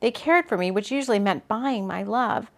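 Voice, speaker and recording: A woman's voice: medium pitch, lively intonation, moderate pace, natural voice. A woman reading as a teasing young woman.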